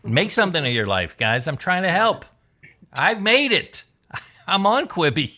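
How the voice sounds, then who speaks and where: A man doing a wry, deadpan stand-up comedy set alone in his room, telling stories and singing silly songs. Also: fairly high pitch, measured pace. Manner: wry, deadpan storytelling with sung bits. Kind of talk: stand-up set over video call.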